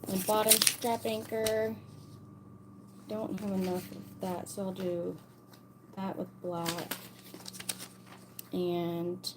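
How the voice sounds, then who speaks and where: A woman's voice: medium pitch, creaky, background noise. A woman leading a casual sewalong tutorial, chatting and thinking aloud as she plans and cuts her fabric pieces. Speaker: sewing instructor.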